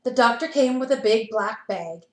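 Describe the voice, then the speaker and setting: A playschool teacher reading a picture book aloud to children over a video call, animated, with asides to the kids. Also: female voice, on the high side, normal speed, reverberant, poor audio.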